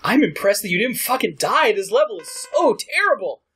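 A man playing a video game while chatting with friends, excitable and profane, breaking into cheers and grumbles. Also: sits high, normal speed, soft background music. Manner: excitable, swears a lot, bursts into cheers. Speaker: let's play host playing the game. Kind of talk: casual gameplay commentary.

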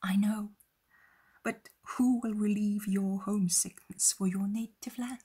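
A woman voicing Mary, a tender, sorrowful young mother, in a soft breathy voice. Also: medium pitch, fairly even intonation, measured pace.

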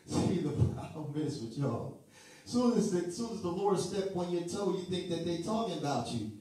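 Fervent high-voiced preacher in an echoing hall. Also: male voice, expressive, measured pace, long pauses, dark tone. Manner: fervent preaching, shifting from sing-song chanting to joking asides. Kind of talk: sermon. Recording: echoey room from far off with music. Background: music.

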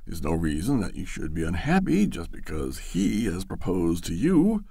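A man reading a storybook aloud, voicing an earnest gentleman who speaks firmly and soothingly. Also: deep voice, wildly swooping pitch, moderate pace, gravelly, slightly rough, no room sound, studio quality, heavily acted. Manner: firm, soothing. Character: grave, earnest older gentleman suitor.

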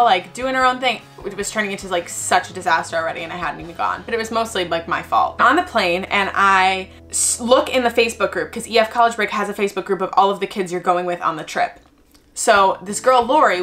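A woman in her twenties telling a travel story in a casual, chatty way, acting out the voices of the people in it, with soft music behind her. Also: medium pitch, brisk. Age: 20s. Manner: chatty, animated, acts out quoted voices, frequent "like". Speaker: travel vlogger.

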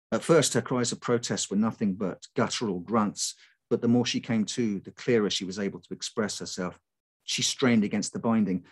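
A man reading his own folk horror story aloud to a live audience, with measured, unhurried narration. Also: fairly low pitch.

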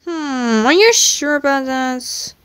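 A woman's voice: sits high, lively intonation, slow pace, fairly bright tone. A woman chatting casually with friends in a social VR game, teasing and often exclaiming in disbelief. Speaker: VRChat player. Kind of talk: casual gaming chat with friends.

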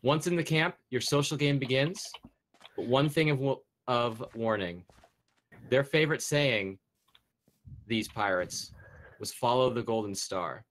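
A young man hosting an online game show, telling a pirate backstory in a slow, hushed way over voice chat. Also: medium pitch. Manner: slow, hushed storytelling with trailing ends. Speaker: host of a game show on a server. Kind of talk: storytelling game-show intro. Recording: voice chat with faint noise.

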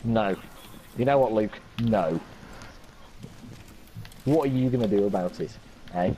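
A teenage boy with a British accent chatting over a headset while gaming, excitable and teasing, laughing often. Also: fairly low pitch, a little slow. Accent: British English. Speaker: gamer. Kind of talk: casual gaming chat. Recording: noisy game chat capture.

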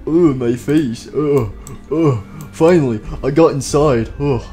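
A man's voice: mid-range voice, slow, dark tone, faint music behind, natural voice. A man voicing a clumsy, rude male animatronic with a hammer in a fan machinima, rambling and silly. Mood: goofy.

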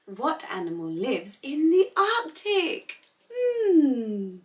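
Animated woman talking to toddlers. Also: sits high, distant mic. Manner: animated, exaggerated gasps and slow clear speech for toddlers; sings and imitates animal sounds. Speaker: children's teacher. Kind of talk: toddler learning video.

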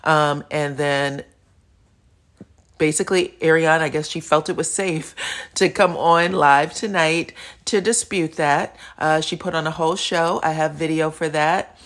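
A woman's voice: low voice, steady tone, a little slow. A woman hosting a gossip commentary channel, chatting casually and recounting social media posts with asides.

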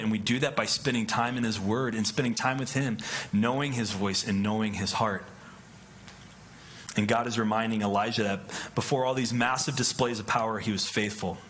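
Bright-voiced male pastor preaching. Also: on the low side, a little hiss or hum. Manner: conversational, keeps asking "right?". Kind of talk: sermon.

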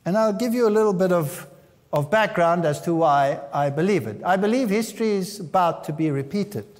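High-voiced preacher man in echoey hall. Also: lively intonation, brisk, darkish tone. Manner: reads scripture aloud with dramatic emphasis. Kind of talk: sermon.

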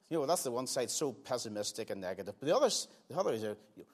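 An older man preaching to his congregation from the pulpit of a church. His voice sits at an ordinary middle pitch for a man. He speaks earnestly, leaning hard on key phrases and then dropping to quiet, unhurried asides. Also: very animated, breathy edge. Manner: earnest, swings between emphatic loud lines and quiet slowed asides. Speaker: pastor. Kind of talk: sermon. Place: church sanctuary.

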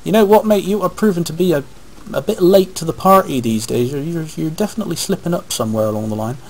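A man's voice: fairly high pitch, fast, low-quality recording. A man giving rambling, casual commentary over his gameplay, talking to himself, recorded on a webcam microphone. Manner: rambling, chatty, talks to himself while playing. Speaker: let's play host.

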